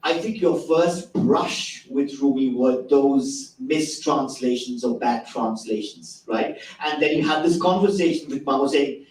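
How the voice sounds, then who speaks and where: A man's voice: medium pitch, unhurried, a little mellow, roomy sound, far from the mic, low-quality recording. A man with an Indian English accent moderating a festival conversation, posing long framing questions and repeating words as he goes.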